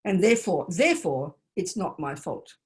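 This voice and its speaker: A woman's voice: on the low side, big pitch swings, normal speed. An older woman, a Buddhist nun, giving an emphatic dharma talk full of rhetorical questions. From Australia.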